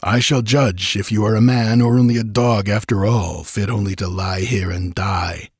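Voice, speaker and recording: A man's voice: lowish voice, steady tone, normal speed, creaky, slightly rough, dry recording, clean studio sound. A man doing a hard, cool outlaw chief. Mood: hard, commanding. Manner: imperturbable, commanding.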